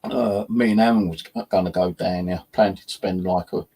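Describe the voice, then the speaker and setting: A man's voice: sits low, steady tone, normal speed, vocal fry, warm tone, a little hiss or hum. A man, hosting his own channel and rambling through ghost stories in casual chat, swearing freely and filling with "you know" and "like". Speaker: channel host.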